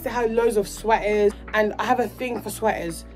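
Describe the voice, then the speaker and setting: A woman's voice: mid-range voice, fairly even intonation, normal speed. A teenage girl from England chatting casually and bubbly through a shopping haul vlog. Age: teens. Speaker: vlogger. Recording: faint music in the background.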